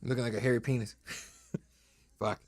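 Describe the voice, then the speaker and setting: Unhurried and level in tone, his mid-range voice comes through a desk mic at his home streaming setup. In his thirties, he hosts a live draft stream with casual commentary, chatting loosely with viewers and making crude, profane jokes.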